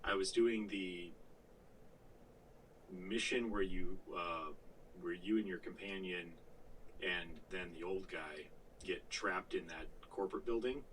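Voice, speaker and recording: A man's voice: deep voice, slow pace, long pauses, a bit bright, distant mic, slight background noise, rough recording. A man co-hosting a podcast, telling a long gaming story in casual chat, full of fillers, restarts and the odd swear word. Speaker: podcast co-host.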